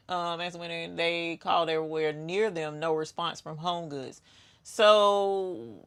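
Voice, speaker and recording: Slow, gravelly woman chatting. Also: lowish voice, fairly even intonation, no echo. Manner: chatty storyteller, talks to viewers, reads out chat comments. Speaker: crafting livestream host. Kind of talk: casual livestream chat.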